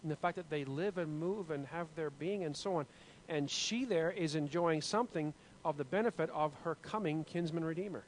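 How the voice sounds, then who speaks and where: A man's voice: on the high side, normal speed, hardly any pauses, a little hiss or hum, rough recording. A man leading a group Bible study discussion, talking in an earnest, musing way with many restarts.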